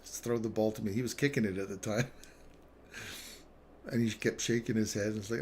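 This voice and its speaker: A man with a somewhat low voice runs a casual live trading stream. He drifts into rambling, chuckle-filled stories, then thinks aloud as he works through the chart. Faint background noise sits under his voice. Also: fairly even intonation, a little fast, long pauses, a little mellow. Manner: rambling, chatty anecdotes with frequent chuckles.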